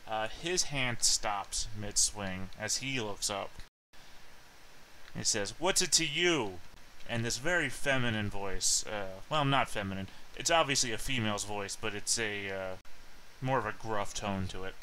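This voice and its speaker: A man running a tabletop game, his low, bright, forceful voice halting on fillers as he narrates. A faint background hum stays under him. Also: rough recording. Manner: hesitant, full of fillers. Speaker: game master.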